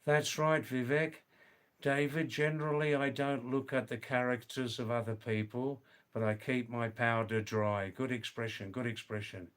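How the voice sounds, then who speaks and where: Middle-aged guy on a livestream, smooth clear voice, reads chat slow and careful, fixes folks' english nicely. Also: medium pitch, fairly even intonation. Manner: slow, deliberate, gently corrects viewers' English. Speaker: livestream host. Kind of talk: casual chat reading viewer comments.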